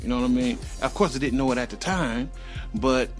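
A man's voice: mid-range voice, a little fast, soft background music. A middle-aged man telling a personal story in a loose, profane, rambling way, acting out sounds as he goes. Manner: acts out sounds and voices animatedly.

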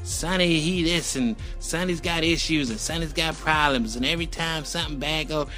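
A man's voice: sits high, fairly quick, a bit bright, faint music behind, voice pushed up. A man voicing an angry middle-aged mother who scolds and defends her son. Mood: indignant.

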